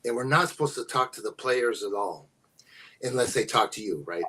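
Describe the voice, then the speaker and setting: An older man, a podcast guest, telling personal stories in casual talk, unhurried and halting with many fillers. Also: mid-range voice, lively intonation, pushed and bright, husky, rough recording. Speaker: guest, host's father. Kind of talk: casual storytelling.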